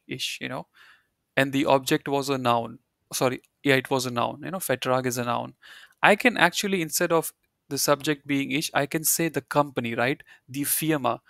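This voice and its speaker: A man's voice: mid-range voice, vocal fry, fairly bright tone, no room sound, clean studio sound. A man teaching a German lesson, explaining step by step and often repeating key points with "you know" and "right". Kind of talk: live online language lesson.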